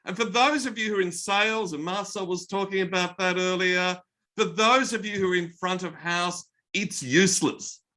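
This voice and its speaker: Brief: Australian male keynote speaker, bright and forceful tone, slightly high voice, energetic storyteller. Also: normal speed. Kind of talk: motivational talk.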